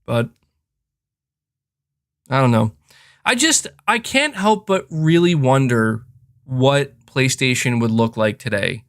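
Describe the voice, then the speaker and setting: A man's voice: mid-range voice, lively intonation, slow, long pauses, a bit bright. A man hosting a podcast, talking in a casual, frustrated rant with lots of fillers and restarts. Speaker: podcast host. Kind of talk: casual opinionated chat.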